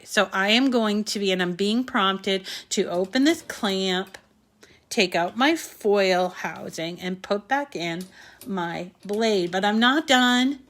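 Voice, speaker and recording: A woman's voice: medium pitch, fairly bright tone. A woman with a New England accent, hosting a live craft tutorial, chatting with viewers and reading out their comments. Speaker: crafting channel host.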